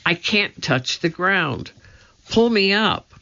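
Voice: mid-range voice, lively intonation, slow pace, gravelly, pushed and bright, voice pushed up, heavily acted. A narrator voicing a nervous young boy, anxious and urgent, in a storybook reading on a dull lo-fi recording. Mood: scared.

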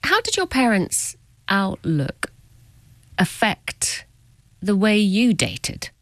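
A woman's voice: mid-range voice, wildly swooping pitch, takes it slowly, fairly bright tone, no room sound. A woman hosting an interview, asking curious questions. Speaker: interviewer, host.

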